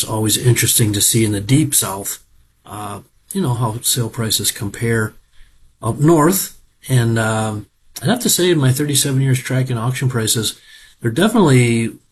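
A man's voice: fairly low pitch, slight background noise. A middle-aged man from Minnesota, giving a casual, folksy, rambling report on farm equipment auctions and often wandering off on digressions. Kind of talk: casual spoken market report.

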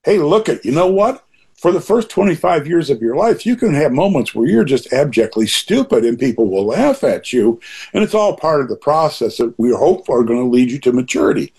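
An older man with a husky voice, talking in an earnest, rambling way with many restarts in a reflective conversation. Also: fairly high pitch, big pitch swings, moderate pace, darkish tone.

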